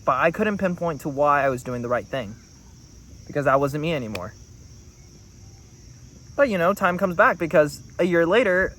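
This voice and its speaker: A man's voice: fairly high pitch, expressive, normal speed, pauses often, fairly bright tone, slight background noise. A man talking to the camera in a rambling, earnest monologue. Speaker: vlogger.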